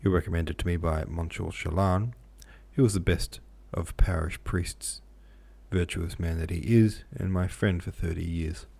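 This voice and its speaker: Audiobook: man voicing a stern, peremptory priest, deep gravelly tone. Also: fairly even intonation, moderate pace, darkish tone, exaggerated voice. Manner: curt, peremptory. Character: stern middle-aged male priest, seminary director, severe.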